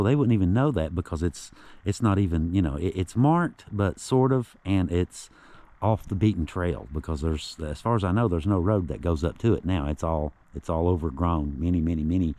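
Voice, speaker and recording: A man's voice: low voice, mellow, no echo. A man rambling in a folksy, casual way as he narrates a walking vlog outdoors on a rural hillside. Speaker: vlogger exploring local history sites.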